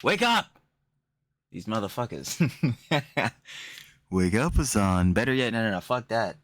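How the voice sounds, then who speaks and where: A man hosting a casual reaction stream, animated and profane, repeating himself for emphasis. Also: lowish voice, a little slow.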